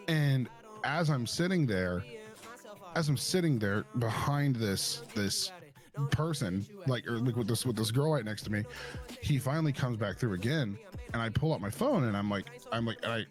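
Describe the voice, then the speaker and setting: Rambling young man telling a story. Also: mid-range voice. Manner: rambling, repeats "I'm like", swears freely. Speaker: streamer. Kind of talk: casual storytelling chat.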